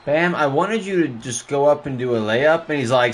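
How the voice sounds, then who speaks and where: A young man streaming a basketball video game, talking live over his play, excitable and trash-talking with sudden high yelps. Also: moderate pace, soft background music. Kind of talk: live gameplay commentary.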